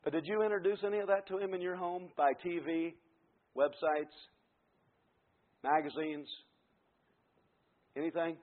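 A high-pitched man in his forties preaches a fervent sermon, moving from quiet, conversational asides to shouted climaxes. The sound is thin and narrow, like a radio broadcast heard over a phone line. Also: fairly even intonation, unhurried, pauses often.

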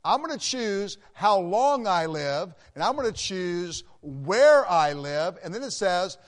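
A man preaching a sermon as pastor, emphatic, repeating key phrases for his listeners. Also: high voice. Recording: long hall reverb.

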